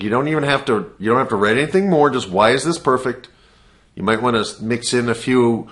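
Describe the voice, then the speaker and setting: A man's voice: mid-range voice, fairly bright tone. A middle-aged man, a personal mastery coach, talking earnestly in a casual motivational monologue and repeating coaching questions.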